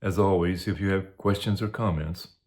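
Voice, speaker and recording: Measured low-voiced male lecturer. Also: fairly even intonation, darkish tone. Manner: measured, academic. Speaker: course instructor. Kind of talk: recorded lecture.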